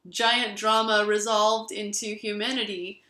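Woman vlogger, reflective storytelling, bright voice, mid pitch, "you know" fillers, echoey room. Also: flat delivery, a little slow.

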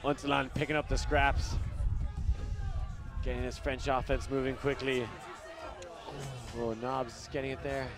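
Male color commentator, middle pitch, wry delivery, loud music in the background. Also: level tone, measured pace, long pauses. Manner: dry, wry color commentary that picks up on big plays. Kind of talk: live sports commentary.

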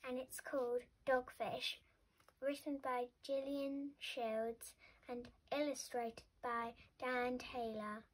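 A woman reading a children's picture book aloud, expressive and sometimes dropping to a whisper. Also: high-pitched, slow pace, rough recording. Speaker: storybook reader. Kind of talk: children's story read-aloud.

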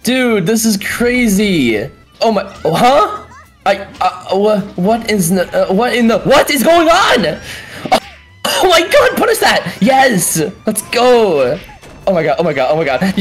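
A tournament commentator doing excited fighting game play-by-play, yelling and swearing at big moments, then breaking the action down quickly in between. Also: medium pitch, soft background music. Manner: explosive yelling and swearing, frequent exclamations; calmer fast breakdowns between outbursts.

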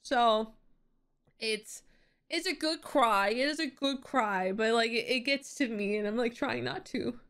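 A young woman hosting an anime reaction, chatting emotionally and getting teary, with lots of "like" and "you know.". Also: on the high side. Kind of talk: casual reaction commentary.

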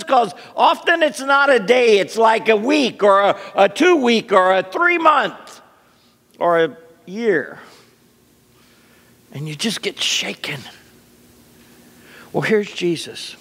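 A man preaching a sermon with lively, animated delivery that drops to soft near-whispers. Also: sits high, big-room sound. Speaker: pastor.

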